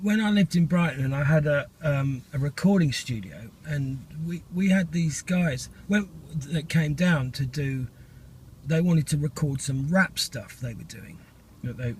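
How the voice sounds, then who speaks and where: A middle-aged man rambles through a casual vlog monologue, stopping and restarting his sentences with plenty of ums. His voice sits a touch high for a man, with a faint hiss of noise underneath. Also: a little mellow. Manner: rambling and chatty, with many fillers and restarts.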